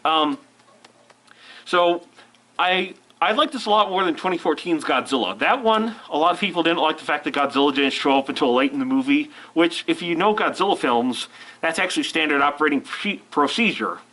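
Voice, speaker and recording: Male reviewer with a cold, rambling and self-interrupting, fairly high, bright and forceful. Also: lively intonation, a little fast, low-quality recording. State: fighting a cold. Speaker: movie reviewer. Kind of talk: casual rambling film review.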